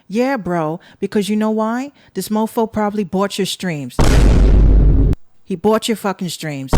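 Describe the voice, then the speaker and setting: A woman's voice: mid-range voice, animated, measured pace, darkish tone, dry recording. A woman from the Bronx with a New York accent, hosting a podcast in a blunt, profane, sarcastic rant aimed at her listeners. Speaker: podcast host.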